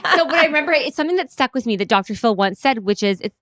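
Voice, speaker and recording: A woman co-hosting a podcast, chatting casually and enthusiastically, quick to agree and jump in. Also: high-pitched, lively intonation, a bit bright, no echo, studio quality. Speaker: podcast co-host.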